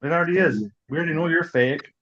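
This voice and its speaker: A man's voice: on the high side, quick pace, a bit bright. A man co-hosting a podcast, joking and teasing the others in casual chat. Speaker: podcast co-host. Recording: dull lo-fi sound.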